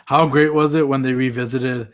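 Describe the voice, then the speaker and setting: A man's voice: medium pitch, fairly even intonation, normal speed. A man co-hosting a podcast, chatty and rambling, with lots of likes and ums as he asks questions. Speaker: podcast co-host. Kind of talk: casual interview questions.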